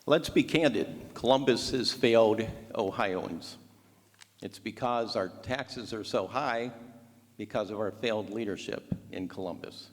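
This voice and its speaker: Forceful low-voiced male candidate. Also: a little slow. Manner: forceful, punchy campaign rhetoric. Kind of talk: closing statement speech. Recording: long reverb of a hall.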